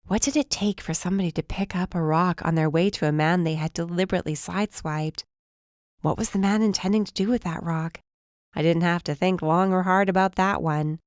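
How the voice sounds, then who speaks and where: An audiobook narrator, a woman with a fairly low voice, reads a first-person mystery in a measured, even storytelling style. The recording is dry with clean studio sound.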